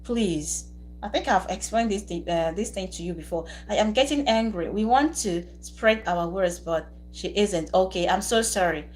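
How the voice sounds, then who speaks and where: A woman's voice: medium pitch, moderate pace, soft background music, rough recording. A woman hosting a live stream, chatting casually with viewers, teasing them and laughing often.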